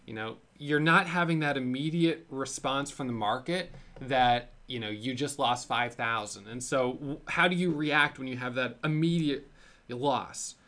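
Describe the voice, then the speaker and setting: A man of average pitch talks straight to his audience as the host of a trading show. He is candid and self-critical and drifts through fillers and restarts as he recounts his own mistakes. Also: a little slow, pushed and bright. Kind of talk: casual solo talk to camera.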